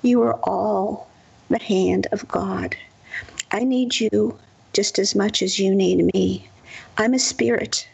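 A woman voicing a calm, patient divine spirit who speaks slowly and gently. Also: mid-range voice, vocal fry, husky, exaggerated voice, rough recording. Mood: gentle.

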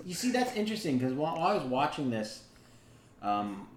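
A man's voice: a little high, very animated, fairly quick, roomy sound. A young man co-hosting a casual podcast chat, thinking aloud with lots of fillers. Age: young adult. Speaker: podcast co-host.

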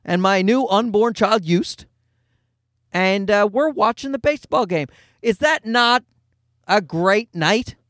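This forty-year-old man speaks in a high, fairly bright voice with lively intonation, taking his time. In a casual monologue he tells rambling, wry comic stories with some swearing, captured in a dry, clean studio recording.

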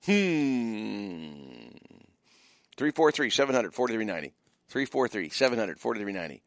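Lively radio host, dry studio sound. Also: male voice, fairly low pitch, moderate pace, gravelly, dry recording. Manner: animated, teasing, repeats phone numbers. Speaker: radio host running a movie trivia call-in. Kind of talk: casual radio call-in chat.

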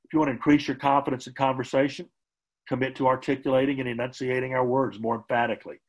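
A man giving a conversational motivational training talk as a sales trainer, often softening his points with casual asides. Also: mid-range voice, level tone, fast talker, poor audio. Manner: conversational, hedging with "kind of" and "you know".

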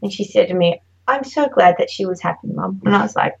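On a relaxed podcast, a guest who works as a branding designer, an Australian woman, shares a story and imitates the people she quotes in a chatty, anecdotal way. Her mid-range voice is gravelly and husky, she speaks quickly, and the recording sounds muffled.

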